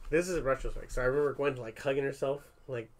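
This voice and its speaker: A man's voice: medium pitch, fast. A man in his thirties, a parent chatting casually with his family, telling a story candidly, with lots of swearing and fillers. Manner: candid, profane, animated storytelling. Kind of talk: casual podcast chat with family.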